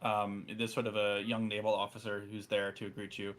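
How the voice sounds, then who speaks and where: A man's voice: on the low side, completely flat delivery, normal speed, a bit bright. A man narrating as game master in a tabletop role-playing session, in a casual, filler-heavy way.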